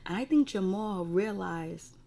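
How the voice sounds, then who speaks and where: A woman's voice: medium pitch, animated, unhurried, gravelly, warm tone. A woman casually recapping a TV episode in a rambling, profane way with lots of fillers. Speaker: TV recap reviewer.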